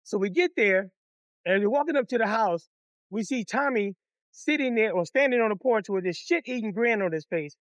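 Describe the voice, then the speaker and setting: High-voiced man telling a story. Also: moderate pace, no echo, muffled recording. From Detroit. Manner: animated, profane, acts out voices. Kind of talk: casual storytime narration.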